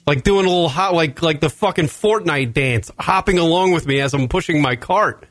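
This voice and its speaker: A man co-hosting a comedy talk podcast, telling stories in a profane, animated way with lots of fillers. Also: a little high, moderate pace, no echo. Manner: animated, swears constantly, frequent fillers. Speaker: podcast co-host.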